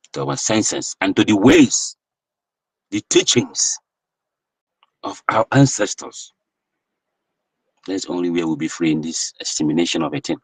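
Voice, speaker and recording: A man's voice: low-pitched, dry recording, poor audio. A Nigerian man giving an impassioned, preachy political monologue, full of rhetorical questions. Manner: preachy, rhetorical, rising to emphatic peaks. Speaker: political commentator.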